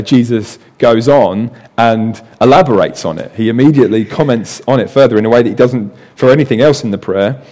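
A man's voice: mid-range voice, warm tone. A man preaching a sermon in a conversational way, often adding "right" and repeating words as he explains.

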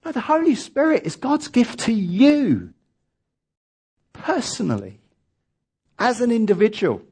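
Husky-voiced man preaching with lively pitch. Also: measured pace. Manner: leads congregation in reading aloud, emphatic. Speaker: pastor. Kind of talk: sermon.

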